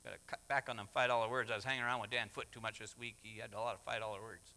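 A man's voice: mid-range voice, level tone, very fast. Emphatic preacher man in a reverberant hall. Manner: emphatic, rising to loud exhortation. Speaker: pastor. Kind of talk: sermon.

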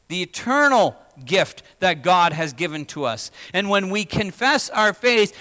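A man's voice: high-pitched, sharp tone, clear, resonant tone. A man preaching a sermon as pastor, talking conversationally and asking the congregation questions. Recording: long hall reverb.

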